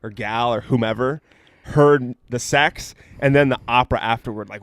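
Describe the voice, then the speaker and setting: A young man co-hosts a podcast in casual chat, telling rambling, profane stories packed with "like" fillers. His voice is medium-pitched at a normal speed, with a noisy background behind him.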